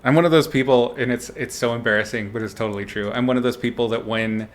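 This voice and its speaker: A man's voice: medium pitch, steady tone, fast talker. A man talking casually to his viewers on a livestream, answering chat and laughing often. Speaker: streamer chatting with viewers while painting.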